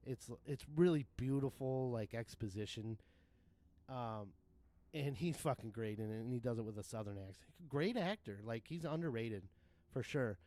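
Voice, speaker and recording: A man's voice: mid-range voice, normal speed, warm tone. A man in his thirties or forties, rambling casually and profanely while streaming a game, with frequent laughs. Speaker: livestream gamer. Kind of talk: casual gaming commentary.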